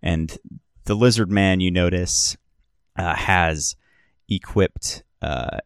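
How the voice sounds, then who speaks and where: A man's voice: low-pitched, slow pace, vocal fry, clean tone, dry recording, clean studio sound. A man narrating as game master of a tabletop game podcast, describing scenes in a rambling way and correcting himself as he goes.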